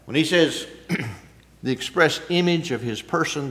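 A man delivers a conversational sermon at a measured pace, his pitch fairly high. He asks rhetorical questions and alternates loud emphasis with quiet asides.

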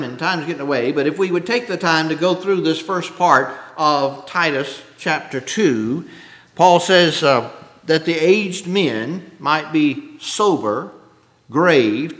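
A man preaching an expository sermon with a drawn-out, emphatic cadence, often clearing his throat. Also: fairly high pitch, a bit bright. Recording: echoey hall with long reverb.

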